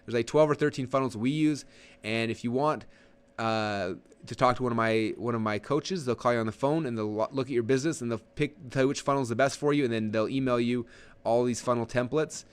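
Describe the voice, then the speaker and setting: A man in his thirties coaching an online audience through a live webinar walkthrough, rambling with frequent restarts and quick acted-out asides. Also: mid-range voice, smooth.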